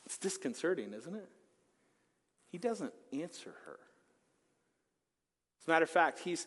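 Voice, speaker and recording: A man preaching a sermon in an animated, conversational storytelling manner with jokes mixed in. His voice sits high, and long reverb from a church hall trails his words. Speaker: pastor.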